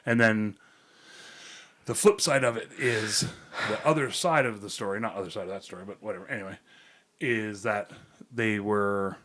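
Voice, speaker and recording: A man's voice: on the low side, moderate pace, a bit bright. A man co-hosting a casual podcast, meandering through made-up stories with lots of ums and uhs. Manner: meandering, tells made-up stories with many fillers. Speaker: podcast co-host. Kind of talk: casual rambling chat.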